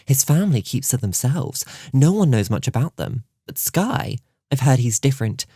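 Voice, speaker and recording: Man doing a high, gushing princess, vain and flirty, lively swoops, dry close sound, audiobook reading. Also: normal speed, husky, no room sound. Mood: gossipy. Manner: gushing, theatrical.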